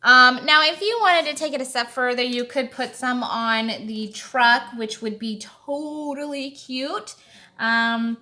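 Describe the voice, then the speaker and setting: A woman walks through making a handmade card in an easy, chatty tutorial voice, thinking aloud as she goes. She speaks very slowly, with a bright tone. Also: sits high. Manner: slow, chatty, thinking aloud while working. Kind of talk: casual craft tutorial talk.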